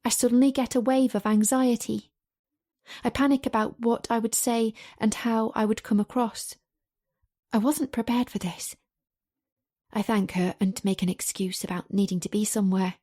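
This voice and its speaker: Mellow-voiced woman narrating an audiobook. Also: fairly high pitch, fairly even intonation, moderate pace. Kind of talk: first-person audiobook narration.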